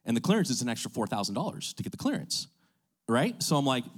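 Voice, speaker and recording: A man's voice: mid-range voice, sing-song, quick pace. A man who runs a real estate business, telling a story in a chatty way, full of fillers and asides. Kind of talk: casual storytelling.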